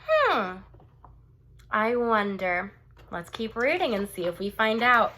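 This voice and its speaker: A woman's voice: a little high, very animated. A young woman teacher reading a bedtime story aloud to children, stopping to ask them questions. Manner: warm, slow, asks children questions.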